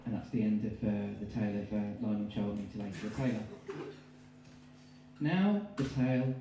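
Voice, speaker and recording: Rambling English comic in an echoey room. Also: male voice, on the low side, moderate pace, background noise. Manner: rambling, self-interrupting, deadpan asides. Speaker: stand-up comedian. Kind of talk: stand-up storytelling with silly voices. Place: live comedy venue. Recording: distant, very echoey room mic.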